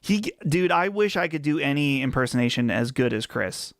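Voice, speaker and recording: A man's voice: a little high, lively intonation, normal speed, dry recording. A man with a Western Pennsylvania accent hosting a casual live chat stream, chatty and rambling on a close mic. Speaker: livestream host.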